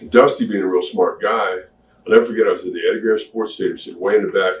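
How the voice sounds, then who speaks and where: A man with a very low voice tells stories in a relaxed, rambling way and pokes fun at himself. He sits back from the mic, so the voice sounds far off in an echoey room with a faint hiss underneath. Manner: laid-back, rambling, self-deprecating humor. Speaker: interview guest, former wrestler. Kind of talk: casual storytelling interview.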